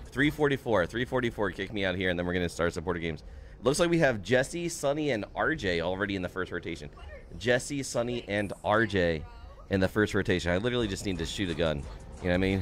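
Upbeat young male game streamer. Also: fairly low pitch. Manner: upbeat, greets chat by name, swears casually. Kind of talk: casual live-stream chat.

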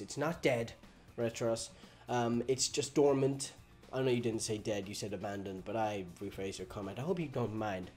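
A man's voice: mid-range voice, darkish tone. A teenage boy in a casual vlog, chatting and joking as he reads out and answers viewer questions, swearing now and then. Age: teens.

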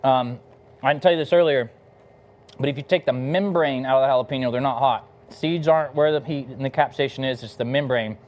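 A man's voice: medium pitch, fairly quick, a little mellow. A middle-aged man from Texas, a barbecue pitmaster chatting casually between bites while hosting a live cooking demo. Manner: laid-back and enthusiastic, talking between bites.

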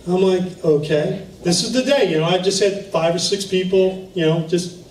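A man with a high voice preaches a sermon in a church, telling personal stories with laughter. The sound is roomy and echoey, caught from a distance with faint noise behind. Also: normal speed. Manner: storytelling, animated, with laughs. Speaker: pastor. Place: church sanctuary.

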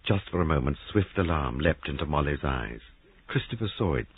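A man narrating an audiobook in a measured, expressive way. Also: rumbling low, slightly rough, no echo. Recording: dry, tinny phone-like sound.

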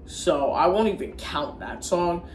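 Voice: mid-range voice, lively intonation, a little slow, recorded from a distance. A rambling, foul-mouthed reviewer recaps a film off the cuff, doubling back on words as the thoughts come. The voice sits in a middling register. It bounces around an echoey room over faint ambient noise. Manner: rambling, crude and profane, with restarts. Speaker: movie reviewer. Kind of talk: casual movie recap. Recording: roomy echo, faint background ambience.

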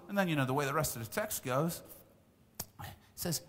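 A man's voice: a little high, lively intonation, a little fast, fairly bright tone. A man in his sixties preaching a sermon as pastor, in a conversational, emphatic way with asides. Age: 60s. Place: church sanctuary. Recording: church hall reverb.

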